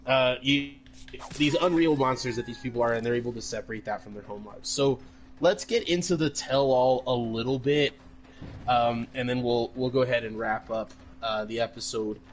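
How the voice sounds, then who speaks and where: A man's voice: medium pitch, normal speed. A man co-hosting a casual podcast chat, talking in a mocking, profane, rambling way with lots of fillers. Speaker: podcast co-host.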